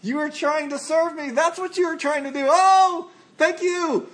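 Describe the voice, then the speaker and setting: A man's voice: very high voice, measured pace, voice pushed up. A man acting out God as a fond father pleased with his children's efforts. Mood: tender. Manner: tender, warmly approving.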